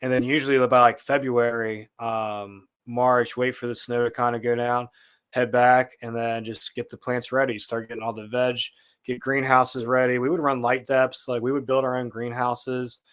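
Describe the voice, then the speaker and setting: A man as a podcast guest, telling a story in a casual, animated way and acting out what people said. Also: medium pitch, normal speed, clear, resonant tone. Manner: animated storyteller, acts out quotes.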